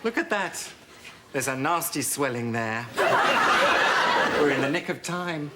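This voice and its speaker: A man's voice: fairly high pitch, lively intonation, unhurried. A man performing to a studio audience, camp and arch, dropping saucy innuendo as he banters. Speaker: sitcom lead playing to a studio audience. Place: TV studio set before a live audience. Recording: TV studio with loud audience laughter and hiss.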